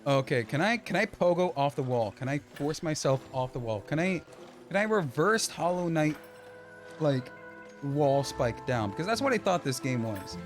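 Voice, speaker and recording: At his home streaming setup, a man with a slightly high voice and big pitch swings streams a platform game at normal speed over game music. In live gameplay commentary he talks to himself and pleads with the game as frustration builds.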